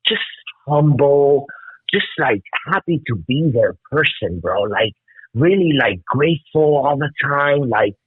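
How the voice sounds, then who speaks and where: Man, 50s, interview guest, husky voice, dry tinny phone-like sound. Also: mid-range voice, expressive, unhurried, dry recording. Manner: emotional, profane, keeps saying "bro". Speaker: guest musician. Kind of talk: casual interview storytelling.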